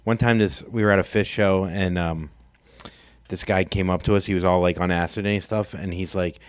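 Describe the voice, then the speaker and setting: A man's voice: sits low, fairly even intonation, normal speed, smooth, no room sound. A man co-hosting a podcast, chatting casually, telling loose stories and swearing freely. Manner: loose, storytelling, swears freely, laughs often. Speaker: podcast co-host. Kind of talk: casual chat.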